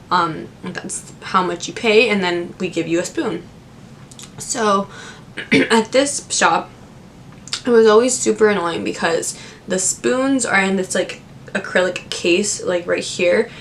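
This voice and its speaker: A young woman casually telling stories from her old service jobs to the camera, chatty and animated, with lots of fillers. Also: medium pitch, slight background noise. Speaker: vlogger.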